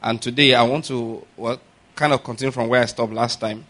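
A male pastor giving a sermon, asking the congregation questions, having them repeat after him, and rising to loud, emphatic preaching. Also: medium pitch, steady tone, fairly quick.

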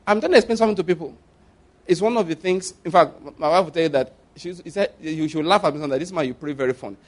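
A man with a fairly high voice delivers a conversational sermon. He repeats phrases for emphasis and moves between hushed, intimate stretches and louder, pressing ones. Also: fast talker. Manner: repeats phrases for emphasis, swings from soft to loud. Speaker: preacher.

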